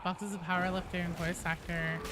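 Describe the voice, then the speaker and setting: A woman's voice: on the low side, flat delivery, fairly quick. A woman streaming a game, chatting casually with her chat, joking around and cursing freely. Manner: chatty, swears freely, jokey. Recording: noisy home stream audio.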